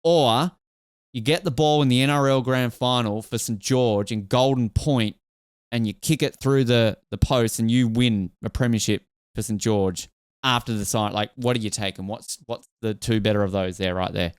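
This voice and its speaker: A man hosting a podcast, loose and chatty, who strings his questions together with jokes and fillers. His voice sits at a middling pitch with a smooth, clear tone, recorded dry and close. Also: normal speed, dry recording. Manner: chatty and joking, rambling questions with many fillers. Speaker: podcast host. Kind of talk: casual interview chat.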